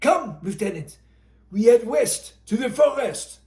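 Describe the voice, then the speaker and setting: An urgent Belgian soldier, as a man puts him on, yelling commands in a lively, rising voice. The room adds a clear echo. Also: very high voice, measured pace, voice pushed up, exaggerated voice. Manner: shouting commands.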